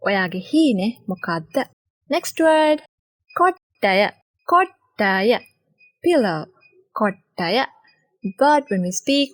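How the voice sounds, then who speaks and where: A young woman who speaks Sinhala natively, teaching vocabulary in a slightly high voice that rises and falls a great deal. She says each word slowly and carefully, and repeats it more than once. The sound is dry and close. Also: big pitch swings, no echo. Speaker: language teacher. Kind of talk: slow, clear vocabulary lesson.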